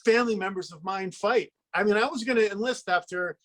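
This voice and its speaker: A man's voice: high voice, fairly quick, a bit bright. A middle-aged man guest on a talk panel, telling earnest anecdotes and opinions.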